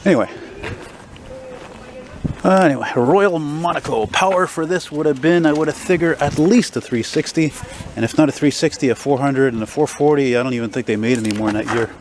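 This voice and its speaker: With a fairly high pitch and a fairly quick pace, this man's voice comes through over slight background noise. He's a Montreal vlogger in his forties, standing on a city street and talking enthusiastically to camera about an old car in a rambling way, heavy on fillers.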